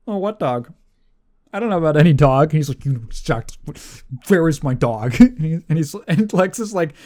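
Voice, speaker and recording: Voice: medium pitch, mellow. Podcast co-host, rambling movie chat, self-correcting, laughs often. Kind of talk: casual movie review chat.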